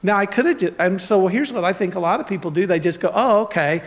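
A man's voice: sits high, animated, fast. A man preaching a casual sermon, telling everyday stories and talking directly to his congregation. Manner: conversational, storytelling, asides to congregation. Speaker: pastor. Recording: long hall reverb.

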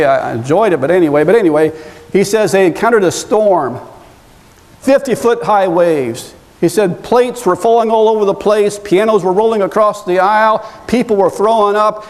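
A man's voice: high-pitched, darkish tone. Folksy preacher man in a reverberant hall. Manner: folksy, chatty asides and humor. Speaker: pastor. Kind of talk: sermon.

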